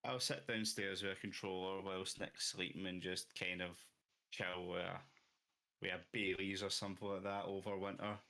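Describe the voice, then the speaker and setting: A man's voice: low voice, steady tone, normal speed, creaky, bright, forceful tone. A young man co-hosting a casual gaming podcast, rambling and hesitant with lots of ums and jokes. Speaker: podcast co-host.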